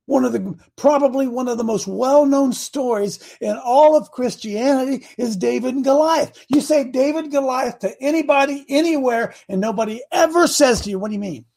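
A man's voice: very high voice, a little mellow. A man preaching a sermon as a coach, folksy and emphatic, retelling Bible stories in slang.

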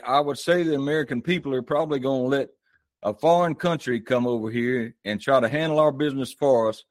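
A man's voice: mid-range voice, no echo. Glum plain-spoken male caller. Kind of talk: call-in remarks.

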